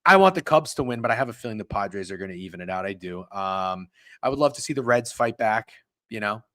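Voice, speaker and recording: A man hosting a live sports betting stream, ranting with heavy swearing and swinging from muttered asides to loud outbursts. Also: lowish voice, animated, fast, dry recording. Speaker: sports betting show host.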